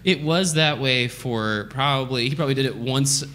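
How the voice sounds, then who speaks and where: A man's voice: medium pitch, normal speed. A man co-hosting a casual podcast chat, telling funny stories and laughing often. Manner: laughs often, animated storyteller. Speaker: podcast co-host.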